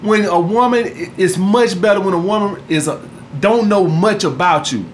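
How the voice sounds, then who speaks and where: Brief: fairly high-pitched man, coach ranting to camera, crude and blunt, soft hum in the background. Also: moderate pace. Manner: blunt and profane, keeps asking "all right?". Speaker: dating coach. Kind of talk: casual vlog monologue.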